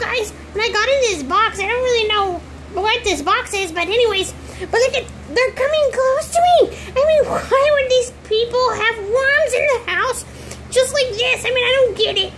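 A jittery little girl doll who squeals and chatters in an extremely high, piping voice, as a woman puts her on. The recording carries a steady hiss of background noise. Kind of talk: doll role-play. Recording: noisy home recording.

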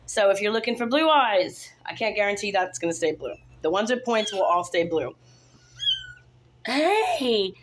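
A cat breeder chats casually in a sing-song, mid-range voice at a moderate pace, cooing baby talk as she presents each kitten. The handheld phone recording of her kitten showcase vlog carries a little hiss or hum.

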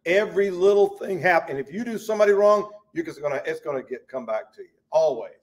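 A man leads a Bible study in a fervent, folksy preaching voice that sits a little high. He swings from loud, emphatic lines down to hushed ones. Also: expressive, fast.

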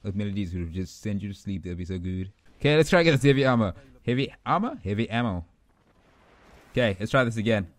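A young man giving rambling, excitable commentary over his own gameplay, trash-talking opponents and himself. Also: lowish voice, fast, no echo. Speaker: gaming YouTuber.

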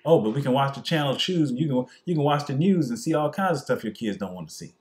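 A man's voice: medium pitch, animated, quick pace, hardly any pauses, darkish tone. A man giving a Christian commentary in an earnest, emphatic preaching manner.

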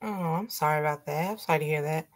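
A woman interviews a guest over a video call, answering in short, soft, sympathetic remarks. Her voice sits a little lower than most women's. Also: quick pace. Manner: soft, sympathetic, brief replies.

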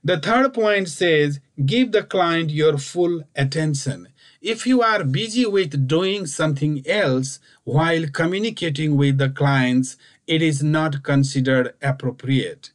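A man giving a recorded lecture, explaining points slowly and repeating key instructions. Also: fairly high pitch. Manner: slow, repetitive, instructive phrasing.

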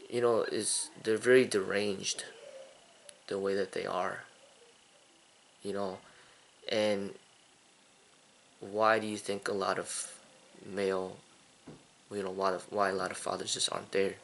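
A man's voice: deep voice, flat delivery, slow, vocal fry, long pauses, a bit bright, slight background noise. A man hosting his own channel, talking in a casual, indignant opinion monologue with lots of fillers and repeated phrases. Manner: repetitive, indignant, many fillers. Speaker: kung fu channel host.

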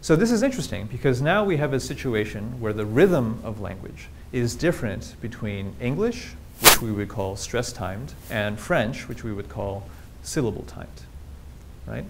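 A man's voice: medium pitch, expressive, normal speed, creaky, noisy background. A man giving a public linguistics lecture with slides, explaining things plainly and throwing rhetorical questions at the audience.

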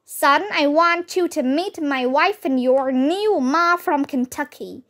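Storybook frontier dad, gentle and comforting , voiced by a woman reader, unhurried. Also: high-pitched, full character voice. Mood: reassuring. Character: frontier father, warm and reassuring.

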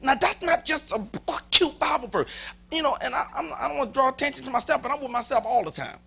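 A male pastor with a Southern US accent preaching an animated sermon in a church, leading his congregation in call and response and dropping to a whisper at times. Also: extremely high pitch, fast, creaky, husky. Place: church sanctuary.

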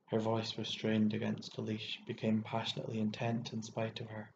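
A man narrates a literary short story in a steady, measured way. His voice is gravelly and dark, with little rise and fall. The recording is dull and lo-fi, with an echoey room sound. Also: lowish voice, slight background noise. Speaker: audiobook narrator.

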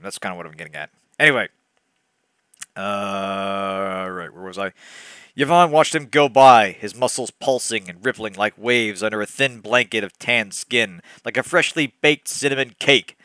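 A man's voice: mid-range voice, pushed and bright, clear, resonant tone, no room sound. A man reading a badly written novel aloud as a let's play host, breaking off for sarcastic, laughing asides. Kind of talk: comedic dramatic reading with commentary.

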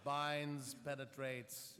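A man reading an old male space wizard mentor in a live comedy script reading, hammy and slow, with mock-dramatic pauses. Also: mid-range voice, level tone, pushed and bright, a little hiss or hum. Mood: mock grave. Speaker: voice actor in live parody reading. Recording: long reverb of a convention hall.

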